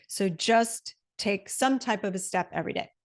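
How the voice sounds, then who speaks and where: A woman's voice: medium pitch, normal speed. A middle-aged woman hosting a solo motivational podcast, talking passionately and repeating her key phrases for emphasis. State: emotional. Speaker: podcast host.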